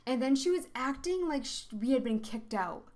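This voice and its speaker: A woman's voice: sits high, big pitch swings, normal speed, a little mellow. Chatty woman telling game stories. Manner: chatty, storytelling, quotes her own reactions. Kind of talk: casual chat.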